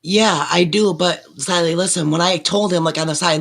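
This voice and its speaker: A woman's voice: on the low side, moderate pace, creaky, fairly bright tone. A woman in her sixties, a nurse and panelist, rambling through an emotional explanation in casual chat.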